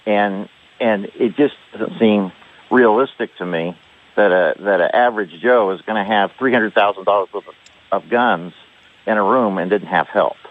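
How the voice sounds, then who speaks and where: A man's voice: lowish voice, normal speed. A man from Texas calling in to a radio show, earnestly explaining with some hesitation. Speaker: caller. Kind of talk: call-in radio conversation. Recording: tinny phone line.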